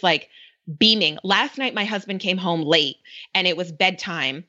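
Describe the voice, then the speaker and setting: A woman's voice: mid-range voice, normal speed, pushed and bright. A woman in her thirties, a podcast guest in casual conversation, chatty with many fillers and frequent laughs. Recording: dull lo-fi sound.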